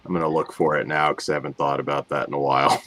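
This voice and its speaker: A man telling a relaxed story in a casual group chat, with many pauses and uhs. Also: a bass voice.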